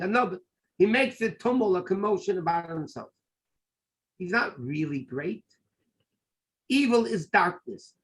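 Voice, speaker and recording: A middle-aged man giving a Torah lesson as a rabbi, his voice sitting fairly high. He speaks emphatically and drops Hebrew terms into his English explanations. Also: sharp tone, low-quality recording. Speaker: rabbi teaching a class. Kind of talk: Torah class lecture.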